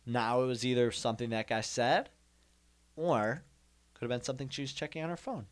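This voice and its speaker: A man's voice: medium pitch, brisk. A young man telling a comic story in a rambling monologue, repeating himself and making mock-indignant asides. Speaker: comedian host.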